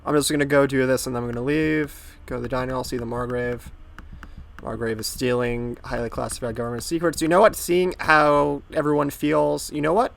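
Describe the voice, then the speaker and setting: A man's voice: mid-range voice, level tone, brisk, gravelly, slight background noise. A young man giving rambling, sarcastic commentary while playing through a dating game. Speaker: game let's-player. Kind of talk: casual gameplay commentary.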